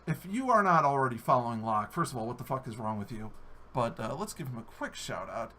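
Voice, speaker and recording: An American man hosting a live-stream podcast, animated and jokey, swearing freely. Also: medium pitch, quick pace, a little hiss or hum. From United States. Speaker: podcast host. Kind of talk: casual live-stream chat.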